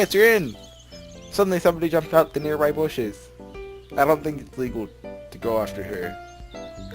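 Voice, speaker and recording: Man, casual let's play commentary, reads game text aloud, laughs a lot, stumbles on words, faint music behind. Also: mid-range voice. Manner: rambling, giggly, stumbles over words. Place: his bedroom at home.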